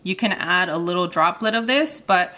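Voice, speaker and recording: Bright-voiced woman in her thirties hosting. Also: fairly low pitch, moderate pace. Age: 30s. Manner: chatty and giggly, counts aloud while working. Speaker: cooking channel host. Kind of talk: casual cooking demonstration. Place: home kitchen.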